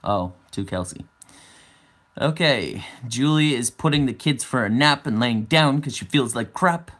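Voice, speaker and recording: A man's voice: medium pitch, animated, a little slow, fairly bright tone. A man in his twenties hosting a casual livestream, chatting and answering viewer comments aloud. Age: 20s. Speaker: livestream host.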